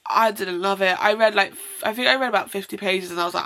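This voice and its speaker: Gushing woman with a bright, gravelly voice. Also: medium pitch, quick pace. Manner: rambling, effusive, self-interrupting with apologies. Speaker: book vlogger. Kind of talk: casual chatty book review.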